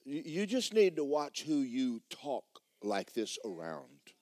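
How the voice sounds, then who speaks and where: A man preaching a sermon, telling stories in an animated, repetitive way. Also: medium pitch, slow, dry recording.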